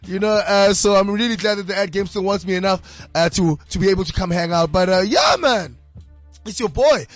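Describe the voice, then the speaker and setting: A man hosting a podcast in a studio, talking in an energetic, slangy, rambling way. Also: high-pitched, fairly quick, dry recording, soft background music. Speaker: podcast host. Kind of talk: casual podcast chat. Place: radio studio.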